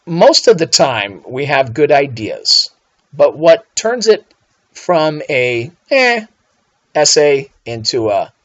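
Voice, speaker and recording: A man's voice: mid-range voice, fairly bright tone. A male English teacher giving a recorded writing lesson, playful, with theatrical asides and mock outrage. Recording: dull lo-fi voice recording.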